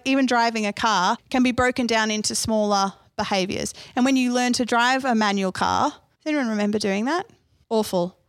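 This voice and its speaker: An Australian woman with a somewhat high voice runs a live healthy-eating workshop. She talks in a loose, chatty way and keeps tossing questions out to the audience. Her voice is close and dry. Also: no room sound.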